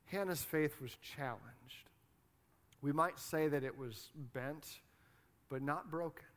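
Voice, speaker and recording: A man's voice: a little high, slow. A man with a Midwestern American accent preaching a sermon in a conversational, playful way. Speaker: pastor.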